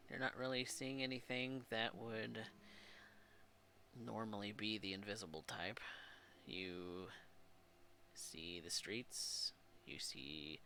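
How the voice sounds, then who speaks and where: A man's voice: lowish voice, bright, forceful tone, slight background noise. A man narrating as game master, setting scenes in the second person.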